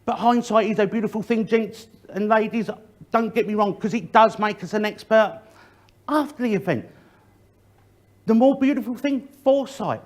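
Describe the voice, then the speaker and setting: A man's voice: sits high, moderate pace, darkish tone. A middle-aged man gives a public workplace safety talk, speaking directly to the audience and shifting his emphasis often.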